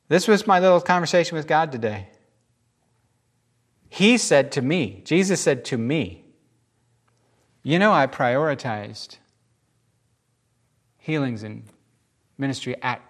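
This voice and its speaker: A man preaching a casual sermon, animated and jokey, often acting out the voices in the scripture he reads. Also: mid-range voice, a little slow, long pauses. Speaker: pastor.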